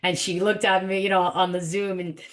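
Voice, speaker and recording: A woman's voice: medium pitch, level tone, moderate pace. A woman with a New York accent hosting a live video-call webinar, chatting casually and joking about fumbling with the technology. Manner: chatty, self-deprecating, fumbling with tech. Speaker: webinar host.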